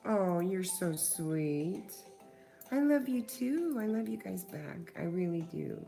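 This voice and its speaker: A middle-aged woman with a lowish voice chats to her livestream viewers, casual and a little profane. She sounds warm toward her audience while she works, and faint music plays in the background. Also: very animated, slow pace, creaky. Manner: chatty, swears freely, talks to viewers in chat. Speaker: livestream host.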